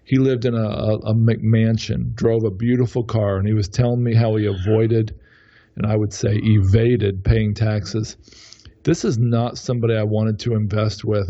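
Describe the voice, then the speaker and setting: A man with a low, mellow voice speaks as an interview guest. He rambles through his stories, restarting and correcting himself. The recording sounds dull and lo-fi. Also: flat delivery, moderate pace. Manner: rambling, frequent self-corrections. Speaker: podcast guest, real estate investor. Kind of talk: casual interview talk.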